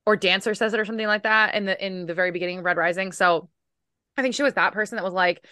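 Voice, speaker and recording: A woman's voice: mid-range voice, rapid-fire, pushed and bright, clean tone, no room sound, clean studio sound. A woman co-hosting a book podcast, chatting casually and animatedly, swearing and laughing now and then. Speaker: podcast co-host.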